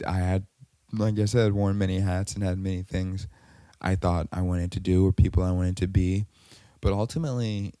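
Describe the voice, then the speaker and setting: A man's voice: fairly low pitch, dark tone, no echo. A man hosting a podcast, telling a personal story in a rambling way, full of fillers and self-corrections. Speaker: podcast host.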